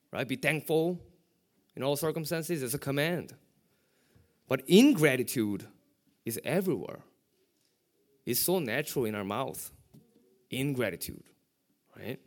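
A middle-aged man, a pastor, preaching a sermon with lively rhetorical questions. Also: a little high.

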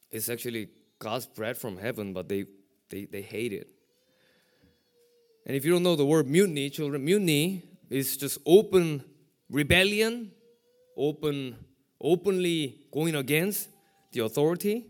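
Animated man preaching a sermon. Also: mid-range voice. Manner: animated preaching, rhetorical questions. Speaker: pastor.

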